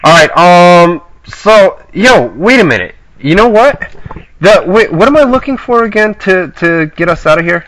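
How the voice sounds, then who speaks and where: A man hosting an internet radio show while sick, his voice a bit shaky, talking in a laid-back, halting way with lots of fillers. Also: high-pitched, expressive, a bit bright, a little hiss or hum, low-quality recording. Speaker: host. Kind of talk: casual internet radio chat.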